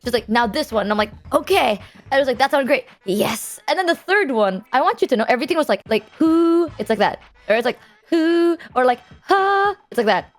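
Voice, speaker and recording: A woman's voice: on the high side, expressive, very fast, few pauses. A young woman streamer telling a story in casual chat, rambling and self-deprecating, swearing freely. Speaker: VTuber streamer.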